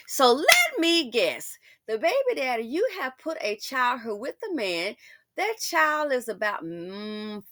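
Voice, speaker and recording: Animated sassy woman commentator. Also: on the high side, dry recording, studio quality. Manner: animated, sassy, talks straight to the listener. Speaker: commentary channel host. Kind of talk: casual commentary.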